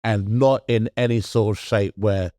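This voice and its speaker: A middle-aged man in casual chat as a podcast co-host, earnest and halting, often restarting his sentences. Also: on the low side, fairly even intonation, warm tone, dry recording, studio quality.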